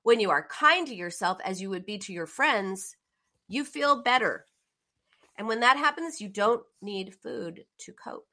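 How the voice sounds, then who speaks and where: A woman's voice: mid-range voice, expressive, unhurried, sharp tone. A woman giving an earnest, emphatic motivational talk as a coach, acting out the words people say to themselves. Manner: earnest, emphatic, acts out quoted self-talk.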